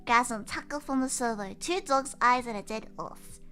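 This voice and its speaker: High, bright bubbly woman streamer. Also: moderate pace, faint music behind. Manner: bubbly, giggly, playful. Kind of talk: livestream chat explaining slang.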